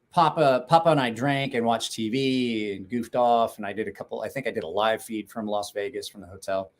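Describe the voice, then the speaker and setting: A middle-aged man hosting a casual livestream chat, blunt and rambling, swearing freely. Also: mid-range voice. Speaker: knife-sharpening channel host.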